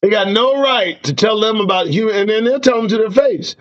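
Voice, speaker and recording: A man's voice: high voice, fairly quick. A man hosting his own show, ranting with profanity and preaching warnings. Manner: profane, preaching, lively ups and downs. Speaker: show host. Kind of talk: impassioned ranting commentary. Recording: dull lo-fi sound.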